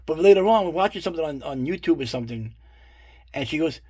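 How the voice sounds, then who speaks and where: A middle-aged man tells loose, profane stories in a casual show-and-tell. His voice is somewhat husky and sits a little high for a man. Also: lively intonation, fast, warm tone. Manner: rambling, profane, full of fillers and asides. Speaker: collector showing his guitar picks.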